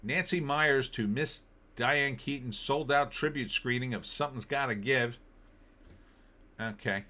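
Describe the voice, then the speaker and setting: A middle-aged opinion-show host speaks unhurriedly in a bright, forceful voice of medium pitch. Casual and sarcastic, he rants about the headlines and mocks them in put-on voices.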